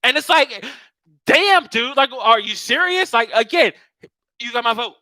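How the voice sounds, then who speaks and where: A man rants casually, swearing freely and mocking people in put-on voices. His voice sits high and bright. The sound is dry and close, with no room echo. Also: a little slow. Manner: profane, animated, mocks others in put-on voices. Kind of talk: casual political rant.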